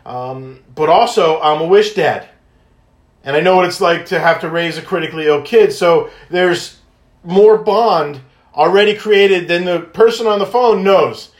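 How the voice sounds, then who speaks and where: High-energy man telling stories, echoey room. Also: unhurried. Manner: high-energy, laughs often, acts out phone calls. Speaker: podcast host and wish granter. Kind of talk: casual storytelling monologue.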